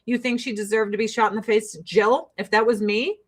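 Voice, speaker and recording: A woman's voice: fairly high pitch, fairly even intonation, a little fast. A woman host giving profane, exasperated commentary to her livestream viewers and mocking the people she talks about.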